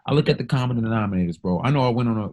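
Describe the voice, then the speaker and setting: A man's voice: medium pitch, very fast, a little mellow. A man talking in a casual podcast conversation, speaking emphatically, swearing freely, and mixing stories into his argument. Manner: emphatic, profane, storytelling.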